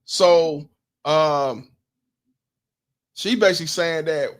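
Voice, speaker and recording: Blunt profane guy hosting a stream, kinda higher voice, keeps asking chat questions. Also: slow, pauses often. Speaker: host. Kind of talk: commentary stream on news and comments.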